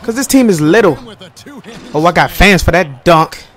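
A man's voice: sits high, expressive, moderate pace, fairly bright tone, faint music behind. Young man trash-talking over gameplay. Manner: playful trash talk, laughs often, rhyming banter. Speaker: gaming commentator. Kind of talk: casual gameplay commentary.

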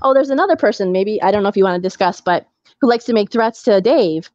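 A woman's voice: medium pitch, animated, fast, darkish tone, dry recording. Woman, livestream co-host, blunt, scolding, dull dry recording. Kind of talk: casual livestream chat.

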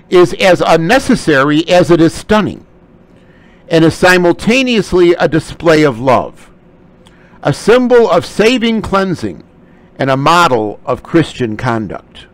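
A man's voice: on the high side, no room sound, low-quality recording. A man teaching a scripture lecture, explaining Greek terms closely. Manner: slow, animated delivery. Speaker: Bible study teacher.

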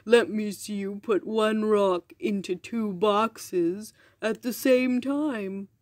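A woman voicing a boastful male giant in a storybook reading, speaking slowly and mockingly. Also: a little mellow, no room sound, clean studio sound, lightly acted. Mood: gloating. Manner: slow, booming, mocking.

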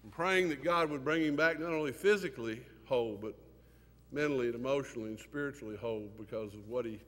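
An older man, teaching a Sunday class in an earnest, emotional way, with many pauses and fillers. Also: medium pitch, a bit bright. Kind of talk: sermon. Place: church classroom. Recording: hall reverb.

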